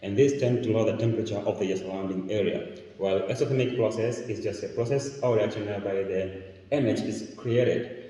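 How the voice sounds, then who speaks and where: A man with a Tanzanian accent teaches a chemistry class, explaining each step as he works. His voice is low and mellow. It is recorded from a distance in a room with heavy echo and a long reverb tail. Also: lo-fi sound. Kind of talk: classroom demonstration lesson. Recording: echoey room, mic far off.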